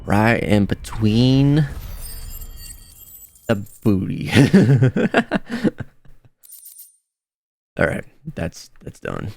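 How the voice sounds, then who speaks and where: A young man giving casual, excitable gameplay commentary, laughing often and exclaiming at the game. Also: fairly low pitch, drawn-out words, gravelly, long pauses, no room sound. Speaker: let's play gamer.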